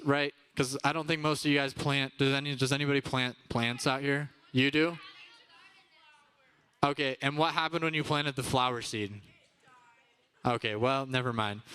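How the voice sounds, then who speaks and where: A young man, working as a kids' ministry teacher, gives an upbeat youth sermon to children in a church kids' room with a live audience, constantly asking them questions. His mid-range voice moves at normal speed and sounds pushed and bright, clear and resonant.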